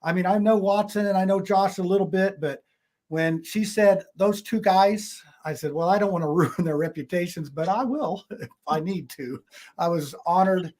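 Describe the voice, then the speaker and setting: A man's voice: high-pitched, normal speed, a little mellow. A man hosting a live talk show in casual chat, rambling with many fillers and frequent chuckles.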